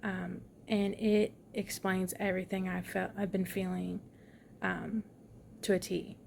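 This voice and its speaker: A young woman talks into her phone from a hospital room in an easy, rambling way, full of ums and likes. Her voice is gravelly and stays flat, with a worn-out, slightly grouchy edge. A faint hum sits under the recording. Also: mid-range voice, a little slow. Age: young adult. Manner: chatty, tired and a bit grouchy, lots of fillers. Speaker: vlogger. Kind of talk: casual hospital update vlog.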